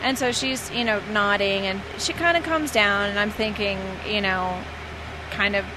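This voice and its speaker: A woman's voice: medium pitch, normal speed, noisy background. A woman who works as a flight attendant, telling stories in a casual, chatty way with many fillers and restarts. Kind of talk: casual storytelling.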